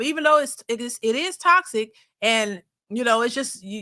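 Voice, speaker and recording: A middle-aged woman talks in a loose, rambling way, full of fillers and restarts. Her voice sits a little high and sounds bright. She hosts a reaction channel and chats casually as she reads out comments from her viewers. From New Orleans, USA. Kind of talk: casual commentary reading live chat.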